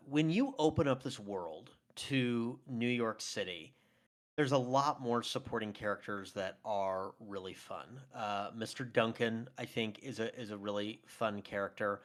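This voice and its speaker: A man's voice: medium pitch, measured pace. A man co-hosting a film podcast, chatting enthusiastically with frequent laughs and fillers. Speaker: podcast co-host. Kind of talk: casual film debate chat.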